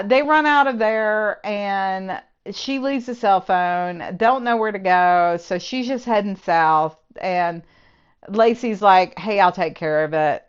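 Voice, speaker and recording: A woman talks through a novel's plot in a casual review, her tone sarcastic and exasperated. Her voice sits at an ordinary middle pitch, and the recording is slightly dull and muffled. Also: clear, resonant tone. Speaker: book reviewer. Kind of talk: casual spoken book review.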